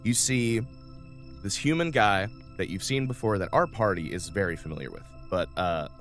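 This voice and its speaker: Game master, male, low-pitched; casual, meandering narration over faint music. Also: animated, normal speed, a bit bright.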